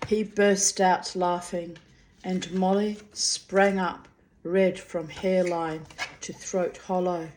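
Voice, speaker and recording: A woman reading a fantasy novel aloud in a slow, measured, gentle voice. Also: fairly low pitch, level tone. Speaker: reader. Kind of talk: audiobook narration.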